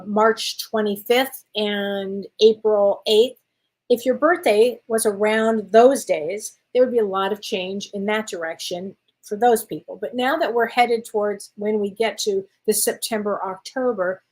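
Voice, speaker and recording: A woman's voice: medium pitch, fairly even intonation, measured pace, darkish tone. A woman, a spiritual medium chatting encouragingly with viewers on a live stream. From Wisconsin, USA. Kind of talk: casual live-stream chat reading viewer comments.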